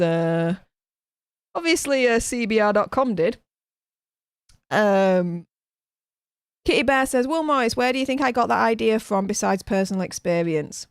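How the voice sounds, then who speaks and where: A woman hosting a live stream, chatty and animated, reading out viewer comments with lots of fillers. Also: fairly high pitch, clear, resonant tone, no room sound, studio quality. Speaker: host reading live chat. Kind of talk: casual live-stream chat.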